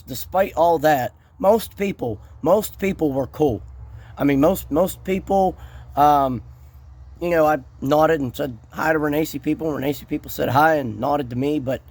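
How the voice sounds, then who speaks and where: A man's voice: on the high side, moderate pace, darkish tone. A man from Ohio talking casually to camera, rambling and often repeating and restarting his words. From Ohio, USA. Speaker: political vlogger. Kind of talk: casual monologue recounting a rally day.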